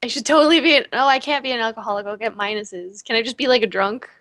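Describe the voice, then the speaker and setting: A woman's voice: on the high side, fast talker, fairly bright tone, dry recording, studio quality. A woman playing in a casual tabletop game, blunt and playful, swearing freely. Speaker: player.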